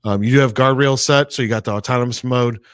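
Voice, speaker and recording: A man's voice: medium pitch, steady tone, quick pace, fairly bright tone, clean tone, dry recording, clean studio sound. A man co-hosting a casual tech discussion, thinking aloud and often tagging his points with "right?". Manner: chatty, thinks aloud, asks rhetorical "right?". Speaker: co-host.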